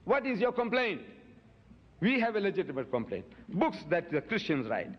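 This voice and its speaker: A man's voice: high voice, sing-song, moderate pace. A man giving an emphatic public lecture, firing rhetorical questions at his audience. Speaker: preacher. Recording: muffled hall recording with long reverb.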